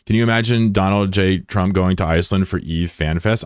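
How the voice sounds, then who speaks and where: A man's voice: low-pitched, brisk, hardly any pauses, clear, resonant tone, no echo, clean studio sound. A man streaming live in casual chat, joking and swearing as he reads out viewer comments. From United States. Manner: joking, profane, rambling asides.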